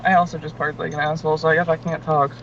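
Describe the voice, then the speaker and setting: Bright-voiced man on a call from his car. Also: on the high side, level tone, rapid-fire. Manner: talkative, joking, laughs often, swears casually. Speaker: friend on a call. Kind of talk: casual chat while driving. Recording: muffled call audio with road noise.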